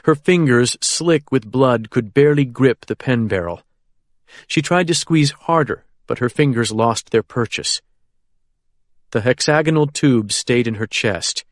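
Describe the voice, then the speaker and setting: Male audiobook narrator, steady and measured, medium pitch, dry booth. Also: dry recording. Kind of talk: first-person thriller audiobook narration.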